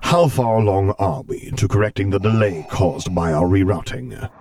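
A man voicing a cold, commanding masked dark lord who gives slow, clipped orders in a low rumble. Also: animated.

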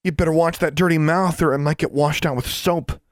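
A man's voice: a little high, steady tone, fairly quick, no echo, studio quality, voice pushed up, close to an everyday voice. A man voicing a proud, stubborn eleven-year-old witch girl who talks back smugly in an audiobook. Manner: smug, defiant, mocking.

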